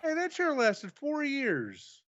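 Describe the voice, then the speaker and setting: A man co-hosting a casual review show over a call, calm, dry and understated. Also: very high-pitched, slow, dull audio. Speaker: podcast co-host. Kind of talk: casual chat.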